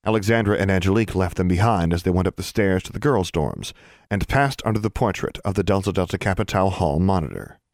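Male audiobook narrator, low voice, dry close sound, steady and even. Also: fast talker, dry recording.

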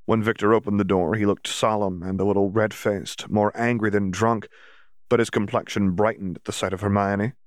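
A man's voice: fairly low pitch, fairly even intonation, moderate pace, dry recording, clean studio sound. A man narrating a fan fiction audiobook, reading the story and shifting his voice a little for each character.

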